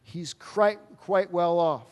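Pastor, male, slightly high voice, earnest emphatic sermon delivery, long hall reverb. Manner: earnest, emphatic preaching with dramatic pauses.

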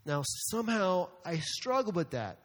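High-voiced pastor preaching in a reverberant hall. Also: male voice, measured pace. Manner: animated, rising to emphatic outbursts. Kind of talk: sermon. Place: church sanctuary. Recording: long reverb of a church hall.

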